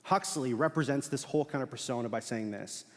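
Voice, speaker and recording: A young man preaching a sermon as pastor, telling stories in a casual, animated way with fillers and laughs. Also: mid-range voice, brisk. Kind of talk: sermon with storytelling. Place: large church auditorium. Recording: long hall reverb.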